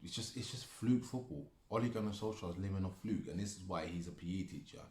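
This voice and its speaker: Deep, echoing voice in a small room: a man giving an angry, repetitive football rant, swearing freely as the words pile up in his throat. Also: quick pace, mellow, a little hiss or hum. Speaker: football fan commentator. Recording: echoey room.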